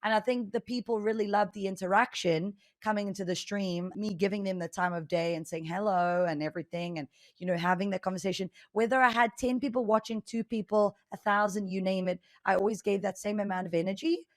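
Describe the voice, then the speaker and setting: A young adult woman with a South African accent blended with Australian, a chatty, high-energy podcast guest talking about streaming. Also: steady tone, fairly quick, few pauses, dry recording. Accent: South African mixed with Australian. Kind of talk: casual interview talk.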